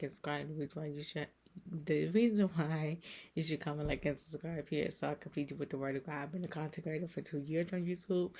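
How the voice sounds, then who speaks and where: Woman, casual devotional talk, earnest, repetitive, flat delivery, slight vocal fry. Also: sits low. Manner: rambling and repetitive, circling back on her points; earnest and emotional. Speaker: faith content creator.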